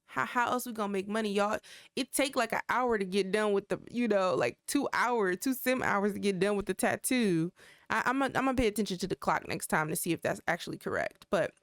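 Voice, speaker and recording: A woman talks her viewers through a life-simulation game in a chatty, exclamatory way, reacting out loud to the drama on screen. Her voice is mid-pitched and natural. The sound is dry and close, with no room around it. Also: fairly quick, no room sound. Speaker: gaming channel host. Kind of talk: let's play commentary.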